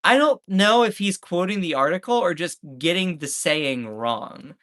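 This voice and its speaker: A man's voice: high-pitched, expressive, measured pace, fairly bright tone. A man from the States, ranting sarcastically in live-stream commentary. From Southern United States. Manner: sarcastic, mocking.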